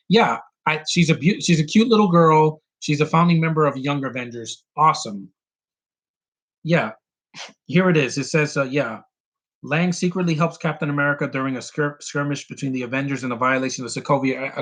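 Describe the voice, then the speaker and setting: A man hosting a casual solo film podcast, rambling excitedly with many restarts and quick bits of mimicry. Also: medium pitch. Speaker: podcast host reviewing a film.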